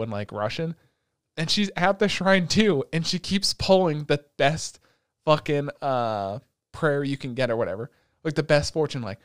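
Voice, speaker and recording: A man's voice: a little high, clear, resonant tone, dry recording, clean studio sound. Profane young man recapping an anime. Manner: profane, animated storytelling with quick put-on voices. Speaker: podcast co-host recapping an anime. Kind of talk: casual chat.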